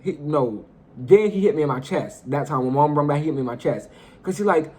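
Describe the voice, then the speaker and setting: A young man telling a personal story in a casual vlog, animated and profane, talking straight to his viewers. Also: on the high side, fairly quick, breathy edge. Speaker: storyteller vlogger.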